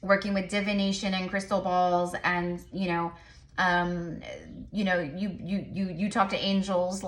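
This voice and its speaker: Her voice sits fairly low and keeps a steady tone as this tarot reader does a laid-back reading for viewers. She says she talks fast, and her speech wanders with frequent fillers and restarts.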